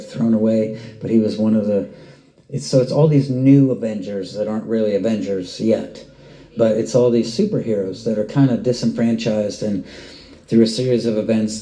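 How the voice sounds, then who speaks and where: A man preaching in a roomy, echoing space, his voice deep and very mellow in tone. He tells his stories with animation, jumping up in pitch as his enthusiasm builds. The sound carries the reverberation of a large hall. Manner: animated storyteller, pitch jumps up when excited. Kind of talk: sermon. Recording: roomy echo.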